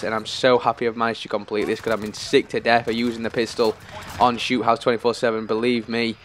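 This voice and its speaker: A man giving live gameplay commentary, excitable and anxious, often pleading under pressure. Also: mid-range voice, slight background noise. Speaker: gaming YouTuber.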